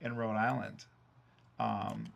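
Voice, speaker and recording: A man casually telling road stories from his band days, profane and animated, full of fillers. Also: on the low side, takes it slowly, vocal fry. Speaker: streamer and band frontman. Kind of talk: casual storytelling chat. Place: recording studio.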